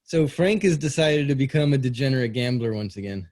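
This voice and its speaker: A man's voice: mid-range voice, lively intonation, brisk, darkish tone. A man from Texas hosting a casual podcast chat, crude and teasing. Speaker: podcast host.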